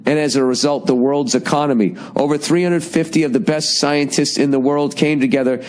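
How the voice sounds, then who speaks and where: A man's voice: on the high side, a little fast, darkish tone, a little hiss or hum. A man, ranting sarcastically and profanely in a casual podcast monologue, his voice a little strained and cracking. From United States. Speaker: podcast host.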